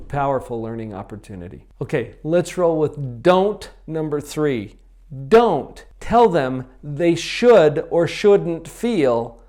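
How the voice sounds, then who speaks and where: A middle-aged man giving a parenting lesson, emphatic, slowing down to stress key phrases. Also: medium pitch, dark tone. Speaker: parenting coach. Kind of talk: instructional talk to camera.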